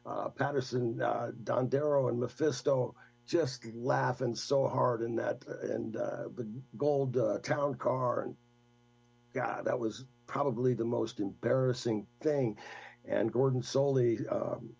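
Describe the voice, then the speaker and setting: Older man, gravelly husky voice, rambling animated anecdote, dull lo-fi sound, faint music behind. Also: mid-range voice, slow. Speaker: guest. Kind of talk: casual storytelling.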